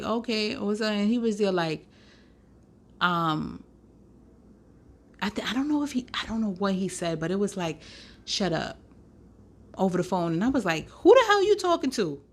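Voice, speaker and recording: A young woman hosting a podcast, telling a story in a sassy, animated way with lots of slang and laughter. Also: medium pitch. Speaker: podcast host. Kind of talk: casual storytelling.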